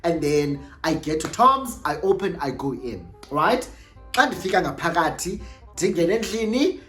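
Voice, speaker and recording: A young South African woman telling a storytime vlog, animated and exclamatory, switching freely between languages. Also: on the low side. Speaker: YouTuber.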